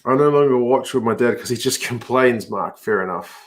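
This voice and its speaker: A man's voice: mid-range voice, moderate pace. Chatty New man reacting to rugby. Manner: chatty, reacting aloud to play and reading viewer comments. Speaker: watch-along host. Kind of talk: casual live rugby watch-along chat.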